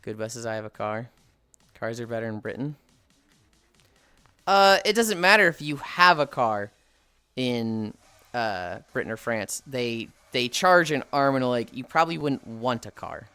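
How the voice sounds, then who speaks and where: Streamer, casual and foul-mouthed, very lively pitch, bright tone; riffs on chat with opinionated banter. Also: a little slow, pauses often, clean tone, soft background music. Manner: swears freely, reads and answers chat; opinionated, playful ranting. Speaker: livestreamer chatting with viewers.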